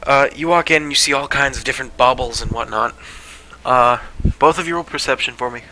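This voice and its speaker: A man's voice: mid-range voice, fairly quick, sharp tone, low-quality recording. A man casually narrating as game master of a tabletop game on a stream. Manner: casual, laid-back narration with fillers. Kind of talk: running a tabletop game on a livestream.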